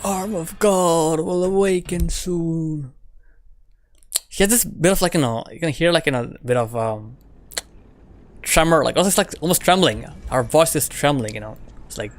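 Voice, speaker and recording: A man's voice: mid-range voice, a bit bright. Rambling man chatting. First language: French. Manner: rambling, filler-heavy, repeats himself. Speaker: game streamer. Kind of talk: casual stream chat with viewers.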